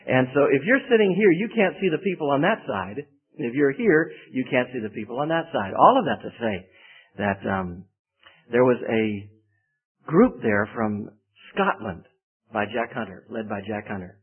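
Male preacher, folksy anecdotal sermon delivery, slightly husky, lo-fi phone-line audio. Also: mid-range voice, animated, normal speed. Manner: folksy storytelling, acts out quoted voices. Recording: tinny phone-like band.

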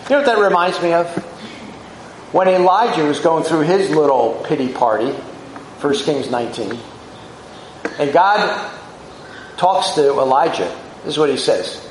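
Male preacher, conversational Bible teaching, a touch high-voiced, roomy echo. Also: animated, normal speed, slight background noise. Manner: conversational, reflective Bible teaching with rhetorical questions. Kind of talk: sermon.

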